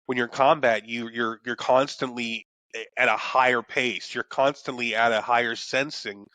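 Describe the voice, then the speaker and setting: A man's voice: medium pitch, fairly even intonation, normal speed, sharp tone, dry recording. A young adult man co-hosting a podcast, talking in a loose, rambling way, cursing freely and restarting his sentences. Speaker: podcast co-host. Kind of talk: casual chat.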